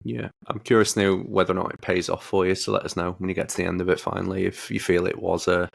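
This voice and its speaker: A man's voice: deep voice, fast, creaky, dry recording, studio quality. A man hosting a casual gaming podcast, talking bluntly with plenty of swearing. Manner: blunt, swears a lot, animated rants. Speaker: podcast host.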